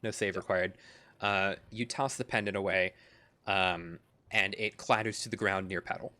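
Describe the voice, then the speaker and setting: A man running a tabletop game as game master, describing the action with frequent pauses and fillers. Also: low voice, steady tone, sharp tone. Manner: halting, with many fillers.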